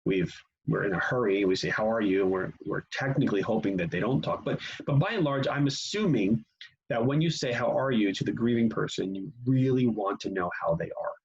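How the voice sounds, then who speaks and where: A man teaching a church class on grief in a conversational manner, often pausing with fillers and restarting his sentences. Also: fairly low pitch, lively intonation, vocal fry, slightly rough. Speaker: pastor. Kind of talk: teaching session. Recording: dull lo-fi sound.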